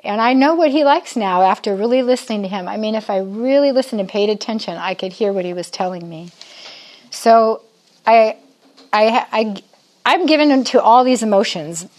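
An older woman with a slightly high voice gives a conversational Bible talk to women. She teaches in a chatty, lively way and keeps asking her audience questions. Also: normal speed.

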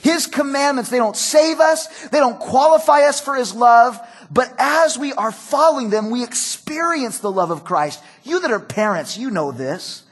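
Male pastor, middle-aged, husky tone, relaxed storytelling sermon delivery. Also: very high voice, moderate pace, hardly any pauses. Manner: conversational, storytelling with acted quotes.

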